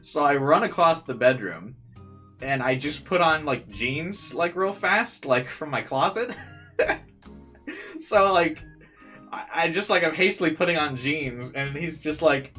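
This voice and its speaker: A young man telling a personal story in a casual stream chat, animated and full of fillers and swearing. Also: a little high, unhurried, soft background music.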